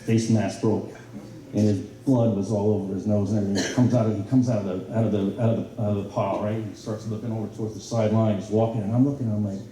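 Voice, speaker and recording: Middle-aged man, banquet speech, dark mellow voice, heard from afar in a booming hall. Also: fast talker. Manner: animated storytelling with many fillers and restarts. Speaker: former player giving a banquet speech. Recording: very echoey hall from a distance.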